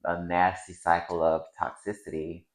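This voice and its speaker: A man's voice: deep voice, flat delivery, normal speed. A man co-hosting a podcast in casual chat, emphatic and swearing freely, acting out his own inner voice. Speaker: podcast co-host. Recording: roomy echo.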